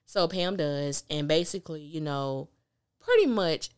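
Animated woman recapping a show. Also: low-pitched, unhurried, clean tone. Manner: animated, emphatic storytelling with blunt slang. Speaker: podcast host. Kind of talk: casual episode recap.

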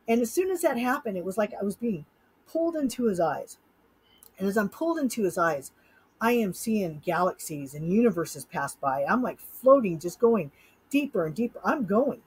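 Husky-voiced woman telling a vivid story. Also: medium pitch, normal speed, low-quality recording. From Utah, USA. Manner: animated storyteller who acts out her own thoughts. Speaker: guest, hypnotist. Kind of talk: personal storytelling in an interview.

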